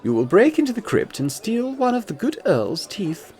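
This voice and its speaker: Posh scheming lady boss played by a man, haughty and drawling, pitched up high, with soft music behind. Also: wildly swooping pitch, normal speed. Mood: businesslike.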